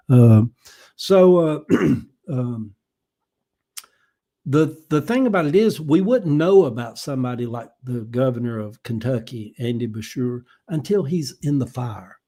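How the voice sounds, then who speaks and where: An older man with a Southern US accent hosting a casual livestream, rambling folksy talk and often clearing his throat as he reads viewer comments. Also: fairly high pitch, animated, a little slow, mellow. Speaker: livestream host.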